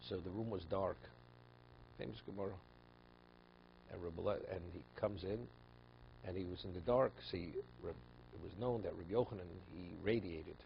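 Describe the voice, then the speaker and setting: A man, a rabbi, teaching a Talmud class in an animated lecture style, rising loud on key words and restarting phrases often. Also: low voice, gravelly. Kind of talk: spoken Torah lecture. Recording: dull lo-fi recording with faint hum.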